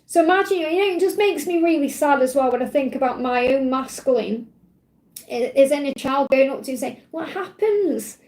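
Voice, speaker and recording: A woman's voice: high-pitched, a little fast, a little mellow, reverberant. A woman hosting a spiritual live stream, talking in a heartfelt, rambling way with plenty of fillers. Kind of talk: emotional live-stream talk.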